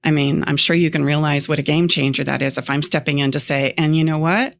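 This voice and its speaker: Woman coach, animated and emphatic, low pitch, gravelly fry. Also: fast talker. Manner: animated, emphatic, acts out example lines. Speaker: relationship coach. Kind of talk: guest explaining on a talk show.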